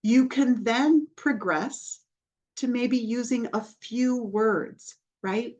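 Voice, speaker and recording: A woman hosting a podcast, explaining in a patient, instructive way and often checking in with the listener, softening her voice when she models calming phrases. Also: fairly high pitch, slow pace, dull audio. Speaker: podcast host, child development professional.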